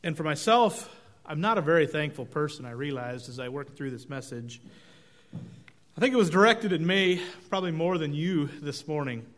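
A man's voice: fairly high pitch, lively intonation, normal speed, fairly bright tone. A middle-aged male pastor giving a conversational, self-deprecating sermon with folksy storytelling.

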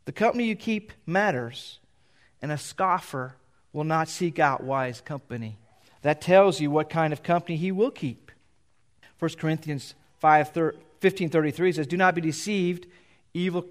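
A middle-aged pastor preaching in a church, reading scripture aloud and explaining it in a loose, conversational way. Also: male voice, on the high side, normal speed. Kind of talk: sermon. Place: church sanctuary.

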